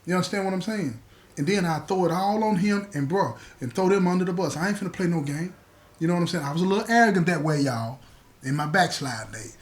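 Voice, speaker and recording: A man spins a story from his past in loose, slangy talk, jumping into the other people's lines as he goes. His voice sits a little high for a man. The telling stays casual and lively. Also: fast.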